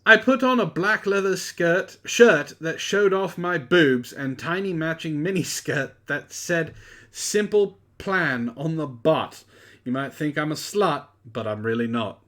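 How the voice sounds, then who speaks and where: A man's voice: fairly high pitch, a little slow, pushed and bright. A man reading a story aloud for laughs, with sarcastic asides between lines. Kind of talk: mocking comedic dramatic reading.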